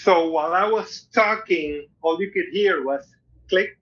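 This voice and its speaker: Bright-voiced Venezuelan man doing stand-up. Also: high-pitched, unhurried. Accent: Venezuelan Spanish. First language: Spanish. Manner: self-deprecating, repeats and restarts words. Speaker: stand-up comedian. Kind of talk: stand-up set over video call. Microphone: video call mic. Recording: dull lo-fi video call audio.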